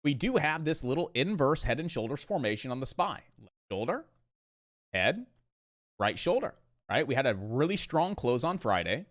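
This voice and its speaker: A man's voice: mid-range voice, sing-song, normal speed. A man hosting a live day-trading stream, explaining the market to his viewers in an emphatic way, repeating points for stress and calling them "guys".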